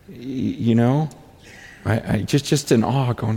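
A man preaching as a pastor, telling stories in an animated way with frequent restarts and stammers. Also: mid-range voice, takes it slowly, creaky, slightly rough, long reverb tail. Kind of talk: storytelling sermon.

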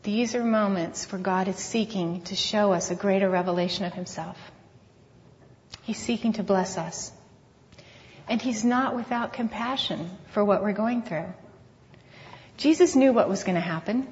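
A woman's voice: mid-range voice, a little mellow. Earnest woman speaking in a reverberant hall. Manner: earnest, measured, reflective. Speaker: conference speaker. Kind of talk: Christian talk with scripture reading. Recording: long hall reverb, dull lo-fi sound.

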